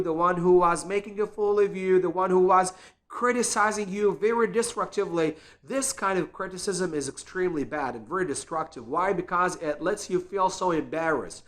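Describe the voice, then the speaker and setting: A man's voice: high voice, a bit bright. A man and English teacher giving an earnest, encouraging spoken lesson, repeating words to show pronunciation.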